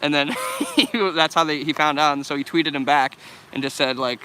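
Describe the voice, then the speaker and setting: A young American man chatting casually on a live stream, reading chat questions while walking outdoors by a loud river. He swears a lot and laughs easily. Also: on the high side, steady tone, moderate pace, a little hiss or hum. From United States. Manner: laid-back, swears often, laughs a lot. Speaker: vlogger answering live chat.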